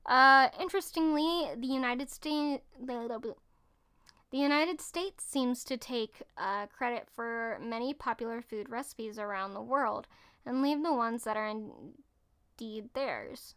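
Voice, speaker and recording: A slightly high, slightly slow female voice, fairly bright, clear and resonant, reads food facts from a screen. The host adds casual remarks, fumbling words and putting them right as she goes.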